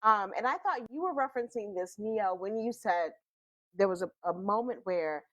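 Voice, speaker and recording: A woman on a movie review panel talking in casual, emphatic chat, stammering when she gets excited. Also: mid-range voice, normal speed, dull audio.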